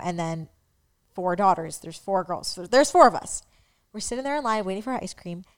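A woman's voice: mid-range voice, a bit bright, clear, resonant tone. A young woman from Staten Island, co-hosting a podcast and telling rambling stories with asides to viewers. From Staten Island, New York. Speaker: podcast co-host. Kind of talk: casual storytelling chat.

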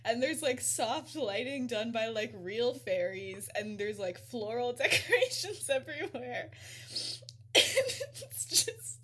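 Giggly breathy young woman storyteller. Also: a little high, expressive, a little slow, a bit bright. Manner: giggly, peppered with "like", acts out quotes. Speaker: podcast co-host. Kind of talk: casual storytelling chat.

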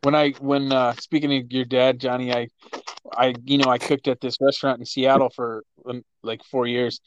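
A man's voice: mid-range voice, little pitch movement, normal speed, dull audio, a little hiss or hum. A laid-back man telling a story in casual, profane chat. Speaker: friend in conversation.

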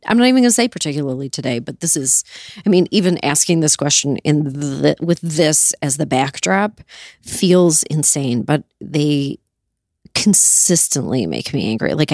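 A woman's voice: low voice, darkish tone, no echo, clean studio sound. A woman host answering interview questions in a heated, emphatic, profane way, with bursts of indignation. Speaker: talk show host.

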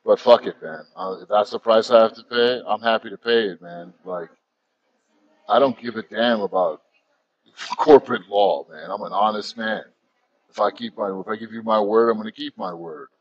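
An American man being interviewed talks candidly, bluntly and heatedly, swearing freely. His voice is lowish and he speaks at a normal speed. The audio is dull but has no echo.

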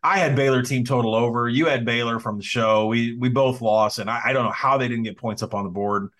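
A man co-hosting a casual sports betting podcast, talking through numbers in a measured, analytical way. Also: mid-range voice, fairly bright tone. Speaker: podcast co-host.

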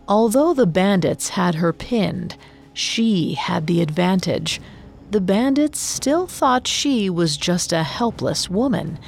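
A woman narrating a story in a slow, dramatic storytelling manner. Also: on the low side, gravelly, darkish tone.

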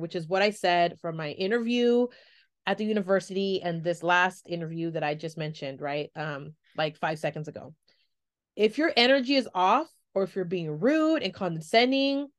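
A young adult woman hosting a solo podcast, talking frankly and expressively, swearing freely and acting out what people said. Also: mid-range voice. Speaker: podcast host. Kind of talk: candid solo podcast monologue.

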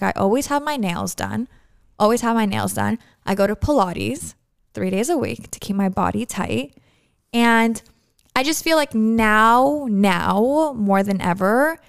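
A woman's voice: fairly high pitch, smooth, no room sound, studio quality. A young woman from Canada, co-hosting a podcast in casual, candid chat and telling stories with acted-out quotes. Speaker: podcast co-host.

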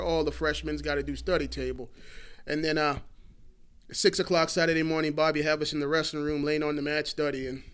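A man in his forties telling animated stories in casual talk, laughing often and swearing freely. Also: a little high, a little hiss or hum. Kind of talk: casual storytelling.

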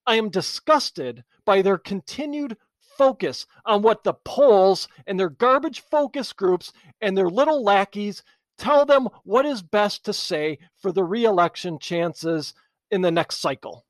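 A man's voice: sits high, lively intonation, measured pace, dry recording. Angry ranting male talk show host. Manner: blunt and insulting toward politicians. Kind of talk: political talk show monologue.

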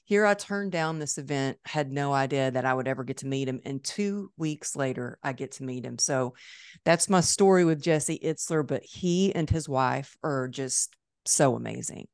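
A woman podcast host telling a story in a conversational interview, lively and acting out the voices she quotes. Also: rumbling low, normal speed, smooth, no echo, clean studio sound.

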